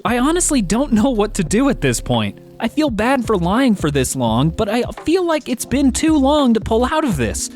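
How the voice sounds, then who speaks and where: A narrator reading online confession posts and comments aloud, with casual asides and quick laughs between readings. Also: mid-range voice, wildly swooping pitch, a little mellow, soft background music.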